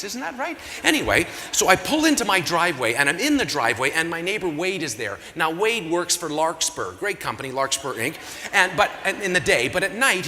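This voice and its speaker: Male gala emcee, lively up-and-down delivery, comic rambling storyteller, stage mic in a reverberant convention hall. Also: on the high side, slight background noise. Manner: rambling comic storytelling, packed with sponsor plugs. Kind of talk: comic storytelling to a live audience. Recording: echoey hall, faint crowd ambience.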